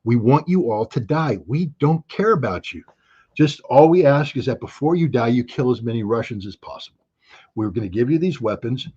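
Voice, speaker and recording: A middle-aged American man giving heated, blunt political commentary as an interview guest, sarcastic and quick to mock others by quoting them. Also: medium pitch, expressive, warm tone, breathy edge, dull audio. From United States. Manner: blunt, sarcastic, quotes others in mocking voices.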